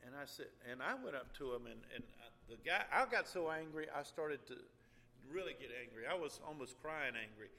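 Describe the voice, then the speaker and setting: An older man preaching a sermon as a pastor, telling a personal story with halting restarts and sudden high, loud bursts of feeling. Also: big-room sound. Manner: animated storyteller, jumps high and loud when angry or excited.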